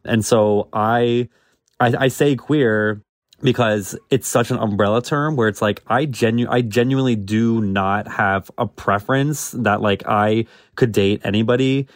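A man's voice: fairly low pitch, a little slow, no room sound, studio quality. A man co-hosting a podcast, talking casually with lots of fillers and laughs. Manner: rambling, filler-heavy, laughs often. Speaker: podcast co-host, drag performer. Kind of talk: casual chat.

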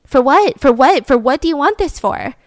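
Woman doing loud, pushy police detectives. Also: a little high, lively intonation, a little fast, no echo, studio quality. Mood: pressing. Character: intense male police detectives pressing a suspect.

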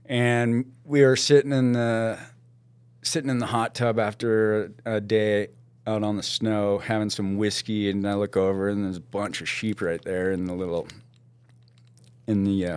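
A man telling a story casually as a podcast guest, animated and laughing often, with slangy talk. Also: fairly low pitch, normal speed, smooth, dry recording.

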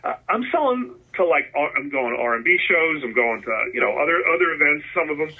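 A middle-aged man from New Jersey telling stories in a casual interview as a guest, rambling with many restarts and animated when quoting himself. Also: a little high, brisk. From New Jersey, USA. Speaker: guest, concert photographer. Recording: phone-like line, husky.

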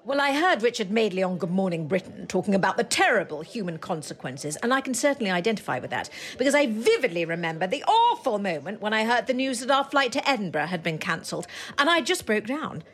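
A woman's voice: mid-range voice, sing-song, quick pace, a bit bright. A woman playing a self-absorbed middle-class cafe gossip in a comic monologue, oblivious and self-pitying.

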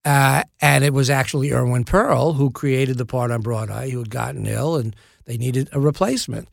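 Gravelly older actor spinning an anecdote, dry close sound, stop-start delivery. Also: male voice, mid-range voice, no echo. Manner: lively storyteller, halting restarts and asides. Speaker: actor guest. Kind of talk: anecdotal interview storytelling.

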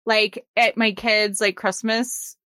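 A woman's voice: medium pitch, level tone, slow pace, bright, forceful tone, no echo. A woman in her thirties co-hosting a podcast, chatting casually with a lot of "like" and frequent laughs. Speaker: podcast co-host. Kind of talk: casual chat.

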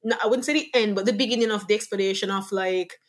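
A woman's voice: medium pitch, fast. A woman from Jamaica speaks with a Jamaican accent, chatting casually as an interview guest. She tells her stories with energy and slips into the voices of the people in them. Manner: animated storyteller who acts out quoted exchanges.

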